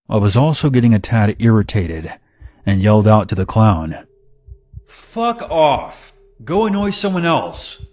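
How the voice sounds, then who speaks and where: A man narrating a scripted first-person horror story in a steady, dramatic way. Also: on the low side, no echo.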